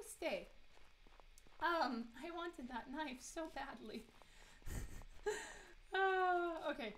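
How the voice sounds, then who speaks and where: A woman's voice: on the high side, lively intonation, unhurried, pauses often, a bit bright, a little hiss or hum, low-quality recording. A woman streaming a horror game live from her desk mic, chatty and giggly, talking to the characters on screen. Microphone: desk microphone.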